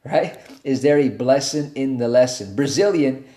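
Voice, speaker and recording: A man in his thirties giving a motivational talk on a livestream, telling a story in a casual, animated way. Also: medium pitch, normal speed, roomy sound. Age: 30s. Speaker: motivational speaker.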